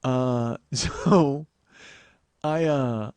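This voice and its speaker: A man's voice: medium pitch, extremely slow, a little hiss or hum. A man hosting a podcast, telling a road story alone, swearing freely and acting out what people said. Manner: profane, animated, acts out quotes. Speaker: podcast host. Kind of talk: solo storytelling monologue. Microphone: podcast mic.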